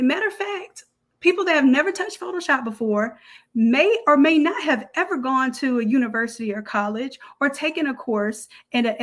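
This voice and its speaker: A woman with a Southern US accent hosting a casual livestream Q&A, animated and preachy as she fires up her viewers. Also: high-pitched. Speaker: online design academy host.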